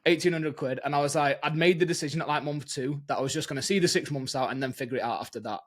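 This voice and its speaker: A man's voice: a little high, fast talker. Man hosting a podcast. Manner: candid, swearing, anecdotal. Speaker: podcast host. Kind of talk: casual podcast conversation.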